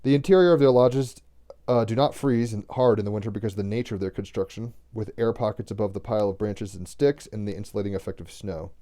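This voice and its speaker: He's an oracle card reader with a fairly low, warm voice, and he talks fast. Reading aloud from a text for a casual daily card reading, he cuts in with chatty astrology asides.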